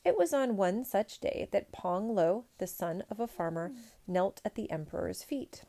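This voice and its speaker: A woman reading a picture book aloud in a measured, expressive storytelling manner. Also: mid-range voice.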